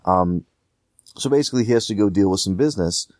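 A man's voice: lowish voice, expressive, quick pace, a little mellow, dry recording, studio quality. A man co-hosting a casual gaming podcast, rambling with lots of fillers and restarts.

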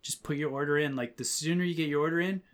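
Guy chiming in casually on a podcast, quick jokey asides. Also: fairly high pitch, steady tone. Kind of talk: casual chat.

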